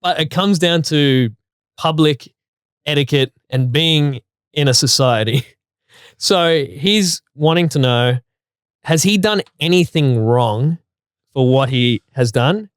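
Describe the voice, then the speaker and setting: A man co-hosting a casual chat show, retelling a listener's story in an animated way. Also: a little high, slow pace, clear, resonant tone, no room sound, studio quality. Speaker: co-host.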